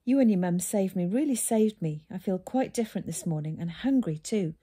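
A woman's voice: medium pitch, lively intonation, fairly quick, dark tone, breathy edge. A woman doing a relieved, hopeful father. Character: recovering father, grateful and hopeful.

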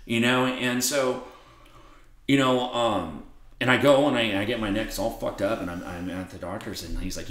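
A man telling a story as a podcast guest in a blunt, profane, animated way. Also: medium pitch, reverberant. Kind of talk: casual interview storytelling.

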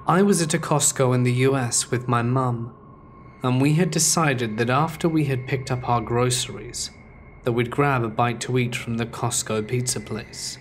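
A man's voice: medium pitch, slight background noise. Man narrating scary stories. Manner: measured, steady first-person storytelling. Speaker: horror story narrator.

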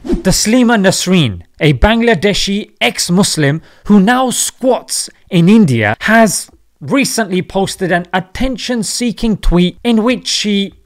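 Young man, high and bouncy voice, sarcastic vlog commentator who jokes and mocks. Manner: mocking, jokey, with emphatic asides. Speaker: channel host.

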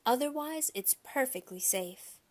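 A woman voicing a calm, unbothered mother who speaks in a breezy, matter-of-fact way. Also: sits high, unhurried, voice pushed up.

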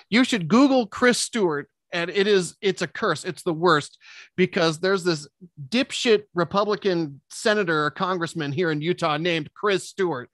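A man's voice: high voice, moderate pace, a bit bright, no echo, clean studio sound. A middle-aged man, a police officer, chatting casually on a video call, joking and laughing often. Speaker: guest co-host, police officer. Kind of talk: casual chat. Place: home.

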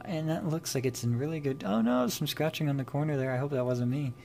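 A man's voice: fairly high pitch, expressive, brisk, vocal fry, hardly any pauses, a little mellow, slight background noise. A man casually commenting while he opens trading card packs, chatty and giggly, muttering card names as he goes. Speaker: trading card pack-opening YouTuber.

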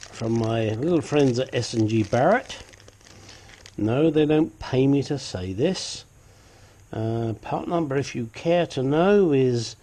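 Man, unhurried DIY car vlogger, dry wit, mid-pitched voice. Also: dark tone, slight background noise. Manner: dry, joking, teasing the viewers. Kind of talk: casual how-to vlog.

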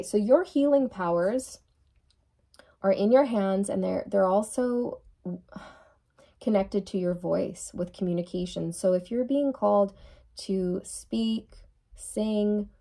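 A woman gives a channeled tarot reading at an unhurried pace. Her voice is mellow and warm in tone, and she reassures the listener, repeating words to stress them. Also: medium pitch, vocal fry. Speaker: tarot reader.

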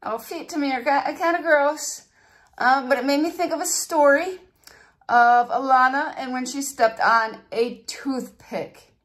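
High-voiced chatty woman vlogger. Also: measured pace. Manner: chatty, animated storyteller. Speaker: beauty vlogger. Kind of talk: casual storytelling and hair tutorial.

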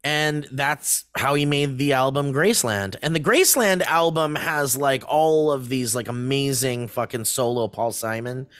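A man's voice: mid-range voice, measured pace, few pauses, a bit bright, dry recording, studio quality. A man in his thirties co-hosting a podcast, rambling through a casual story with plenty of swearing and laughter. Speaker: podcast co-host. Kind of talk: casual chat.

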